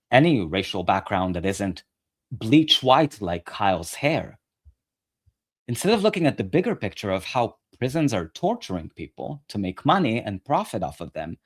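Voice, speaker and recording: Male political commentator ranting on camera, sarcastic and profane. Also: fairly low pitch.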